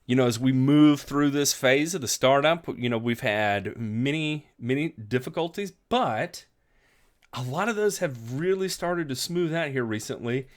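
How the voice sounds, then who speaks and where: A man's voice: medium pitch, lively intonation, a little slow. A man hosting a live lawn care show, upbeat and folksy, greeting viewers by name and chatting casually. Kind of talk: live-stream chat with viewers.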